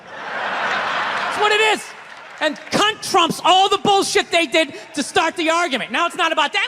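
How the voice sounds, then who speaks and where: Brash Boston comic man doing a stand-up set, tense bright voice, live hall sound. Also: very high-pitched, measured pace. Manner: ranting, shouting into exaggerated impressions. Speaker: stand-up comedian. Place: stage before a live audience. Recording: live theater recording with crowd and reverb.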